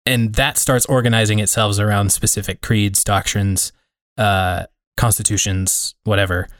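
Man, podcast co-host, low voice, reflective, rambling, dry recording. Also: level tone, normal speed, fairly bright tone, no room sound. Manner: reflective, rambling, many fillers. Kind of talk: casual conversation.

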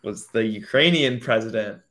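A man's voice: lowish voice, moderate pace, fairly bright tone. A man co-hosting a podcast in casual chat, rambling with many fillers and putting on mocking voices when he quotes others. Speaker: podcast co-host.

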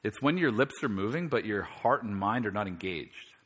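A male pastor preaching a sermon, telling the scripture story with animated energy and climbing louder as he reads it aloud. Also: fairly low pitch, normal speed, husky.

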